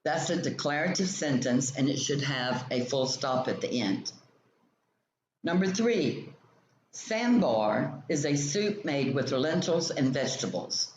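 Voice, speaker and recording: A male teacher slowly reading a grammar textbook lesson aloud, explaining each example sentence step by step. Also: medium pitch, animated. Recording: roomy, dull lo-fi sound with faint ambient noise.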